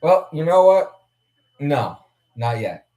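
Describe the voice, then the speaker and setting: A man's voice: a little high, sing-song, slow pace, warm tone. A young man from West Virginia rambling casually as a host while watching fights, swearing freely and talking to himself.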